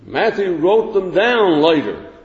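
A man with a slightly high voice gives a relaxed, folksy Bible lesson, stopping often to restart his sentences. The sound is dull and lo-fi, with a long echo from a large church hall. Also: takes it slowly. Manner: plain-spoken, folksy, with many restarts. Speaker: Bible class teacher.

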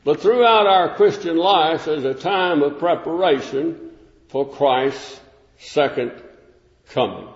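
An older American man preaching a sermon in a measured, conversational way, rising to emphatic peaks. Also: fairly high pitch. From United States. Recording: echoey hall, dull sound.

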